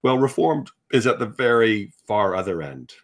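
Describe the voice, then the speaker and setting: A man with a fairly low voice, talking as a guest in an interview. He tells his stories in an animated, self-deprecating way, breaking off and restarting his sentences. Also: normal speed. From Virginia, United States. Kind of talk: personal storytelling in conversation.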